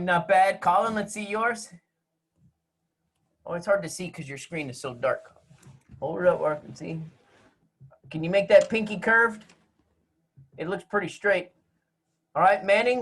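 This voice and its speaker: A man's voice: sits high, fairly bright tone. A man teaching music to a class of children over a video call from home. He jokes and teases as he gives step-by-step instructions. His voice comes through a laptop microphone. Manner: playful, teasing, joking with young students.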